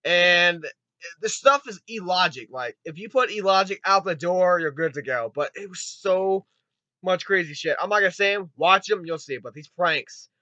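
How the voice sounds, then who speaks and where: Excitable rambling man reviewing a movie. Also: high-pitched, moderate pace, dry recording, muffled recording. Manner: rambling and excitable, frequent swearing and laughs. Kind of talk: casual spoken film review.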